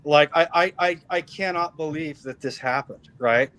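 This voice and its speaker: A man's voice: a little high, moderate pace, a bit bright, rough recording. A middle-aged man giving a personal faith testimony as an interview guest, telling it emphatically and repeating phrases for weight.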